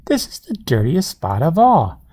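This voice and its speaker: A man voicing a tidy, fussy farmer's wife with a prim, brisk manner. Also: mid-range voice, sing-song, darkish tone, husky.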